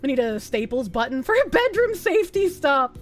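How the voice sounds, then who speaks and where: A high-pitched woman with a thick Boston accent chats loosely with her viewers and swears freely. Faint music runs quietly under her voice. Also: big pitch swings. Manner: loose, profane, quick to laugh. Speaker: streamer. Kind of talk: casual chat reading viewer comments.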